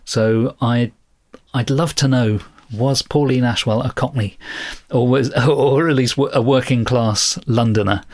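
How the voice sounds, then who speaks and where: A man's voice: medium pitch, steady tone, measured pace. A man co-hosting a book discussion podcast, talking in a thoughtful, self-deprecating way and explaining at length. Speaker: podcast co-host.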